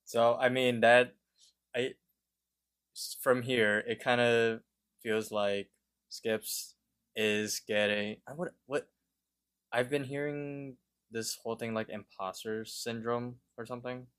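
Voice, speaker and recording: A man's voice: mid-range voice, fairly even intonation, slow, a bit bright, clear, resonant tone. A man co-hosting a podcast in casual chat, talking hesitantly and thinking aloud as he describes a cartoon scene. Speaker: podcast co-host.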